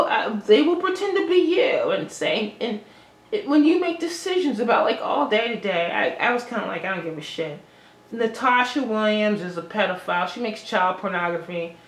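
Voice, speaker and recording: A woman's voice: mid-range voice, fairly bright tone. Agitated rambling woman, echoey room. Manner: agitated, rambling, profane, frequent restarts. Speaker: vlogger. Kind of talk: unscripted monologue to camera.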